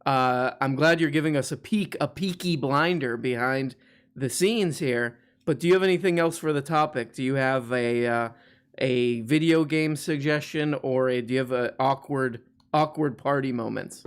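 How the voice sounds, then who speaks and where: A man's voice: medium pitch, normal speed, smooth. A man hosting a casual live show, rambling with lots of fillers and restarts and teasing his guest. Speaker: host.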